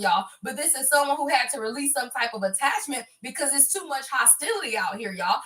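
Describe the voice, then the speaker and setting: A middle-aged woman gives a chatty, casual tarot reading. Her high voice goes from soft musing to excited bursts, and it sounds bright. She sits a little back from the mic. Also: far from the mic. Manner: chatty, keeps saying "y'all", swings between soft and excited. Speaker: tarot reader. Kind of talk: casual spiritual card reading.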